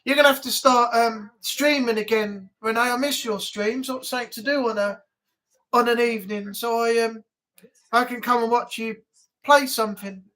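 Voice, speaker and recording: A man's voice: extremely high pitch, fairly even intonation, moderate pace, sharp tone. A man hosting a casual live chat stream from home, chatty and grumbling, swearing now and then.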